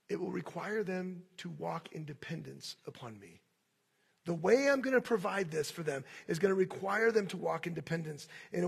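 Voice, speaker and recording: Male pastor, sermon delivery, husky, fairly high, lively acting-out of quoted voices. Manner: animated, acts out complaining voices.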